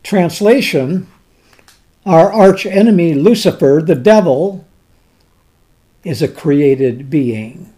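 A man preaching a sermon slowly and dramatically, reading scripture aloud in old-fashioned wording. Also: a little high, expressive. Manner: slow, dramatic preaching with swells and drops in loudness.

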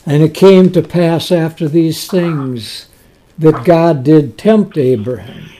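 A preacher delivers a sermon at an unhurried pace, with a warm, dark tone. The delivery is deliberate, retelling scripture and pausing for emphatic asides. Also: medium pitch.

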